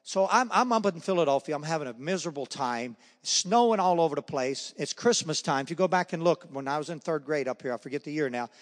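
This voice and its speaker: A man's voice: a little high, expressive, fast, hardly any pauses. A middle-aged man giving a personal testimony at a men's breakfast, telling stories and acting out voices. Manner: storytelling, acts out voices. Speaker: guest speaker. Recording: echoey hall.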